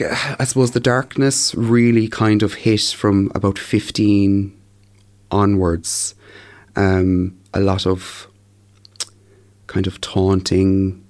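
A young man giving a measured, reflective personal account in an interview. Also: deep voice, a little mellow.

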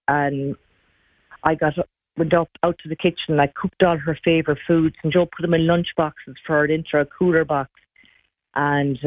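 A middle-aged woman giving an earnest, halting personal account in an interview. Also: low-pitched, no echo. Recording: dry tinny phone-like sound.

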